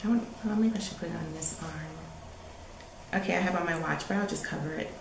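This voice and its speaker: Low, gravelly woman chatting in an echoey room. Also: brisk, noisy background. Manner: chatty and enthusiastic, trailing off often. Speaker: podcast co-host. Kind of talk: casual chat about knitting.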